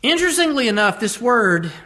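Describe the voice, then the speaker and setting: A man preaching a sermon, stressing key words by slowing down and speeding up between phrases. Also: extremely high pitch, sing-song, pushed and bright. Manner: emphatic, varies pace to stress words.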